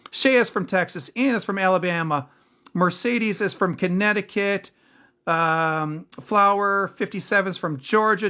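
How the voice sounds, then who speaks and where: Bright-voiced man hosting a livestream. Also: sits high. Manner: reads out viewer names and comments, upbeat and thankful. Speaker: livestream host. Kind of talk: casual livestream chat.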